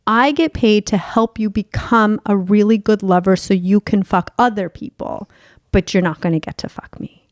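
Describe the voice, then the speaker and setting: A woman hosts her own podcast in a candid, bubbly chat, tossing in playful swears as she goes. Her voice sits at a middle pitch and is recorded close and dry, with no room sound. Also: normal speed, no echo. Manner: bubbly, playful and openly profane. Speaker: podcast host and sex coach.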